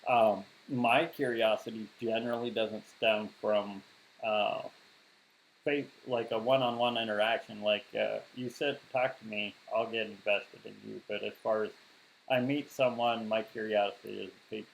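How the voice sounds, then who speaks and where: A man from Western South Dakota in a casual podcast chat, thoughtful and halting, restarting his sentences. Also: on the low side, steady tone, gravelly, a little hiss or hum, rough recording.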